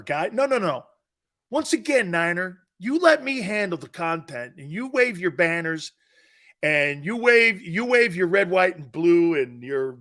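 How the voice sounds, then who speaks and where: Male sports talk host, bright high voice, unhurried, playful ribbing of callers. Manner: teasing, joking, often laughing, responds to chat. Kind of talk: live sports talk show banter.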